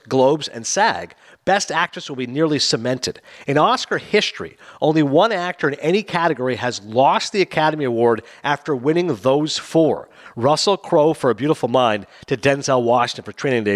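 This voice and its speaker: A middle-aged man hosting a casual entertainment chat, excited and animated, breaking into quoted asides. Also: a little high. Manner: excited, fast, quoting with acted lines. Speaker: podcast host.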